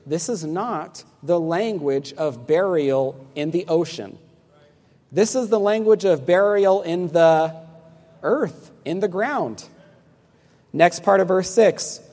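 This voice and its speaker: A man's voice: sits high, darkish tone, in a large hall. A man preaching a sermon to a congregation, emphatic and questioning, asking listeners to answer back. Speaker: pastor.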